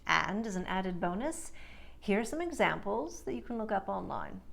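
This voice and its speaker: A woman speech coach teaching an accent lesson, demonstrating vowels and consonants in slow, deliberate, drawn-out words. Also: medium pitch, sing-song, creaky, a bit bright.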